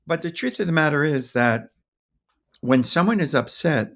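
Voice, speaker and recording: A man's voice: fairly high pitch, fairly bright tone. An older man, a pediatrician guest on a podcast, speaking thoughtfully and sometimes acting out how to soothe a child. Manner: thoughtful, acts out soothing toddler talk. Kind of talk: podcast interview.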